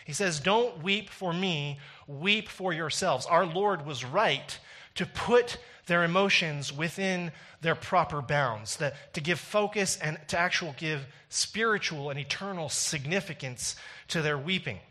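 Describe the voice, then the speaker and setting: A man's voice: fairly high pitch, measured pace, sharp tone. A man preaching a sermon with no congregation present, moving from wry joking asides to intense, emphatic preaching. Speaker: pastor. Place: recorded without a congregation.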